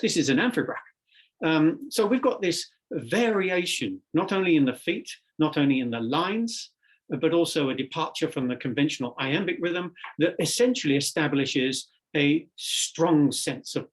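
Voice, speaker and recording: A man with a slightly raised pitch and a husky, breathy edge delivers a literature lecture. He speaks in a measured, explanatory way and lands hard on key words. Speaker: English teacher.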